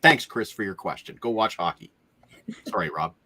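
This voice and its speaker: A man's voice: deep voice, lively intonation, moderate pace, bright, forceful tone. A man hosting a casual chat over a video call, upbeat and joking. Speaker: host.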